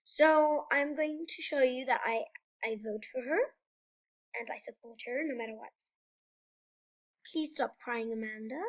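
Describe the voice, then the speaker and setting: A young woman narrating her game in an excited vlog, squealing and breathless with excitement. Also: high voice, moderate pace. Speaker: gamer. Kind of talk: excited gaming vlog commentary.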